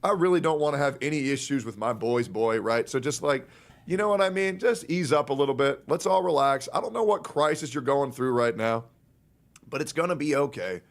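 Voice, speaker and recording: A male streamer ranting into his stream, crude and heated, swinging between mockery and calmer appeals. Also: medium pitch, brisk, gravelly. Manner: crude, heated and mocking, then conciliatory. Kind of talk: angry streamer rant to the camera.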